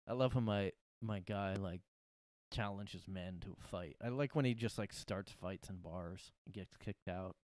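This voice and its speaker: A man putting on a crude young woman with a Philadelphia accent, bragging in a drawling, halting way. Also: deep voice, a little mellow, no room sound, studio quality. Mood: mocking.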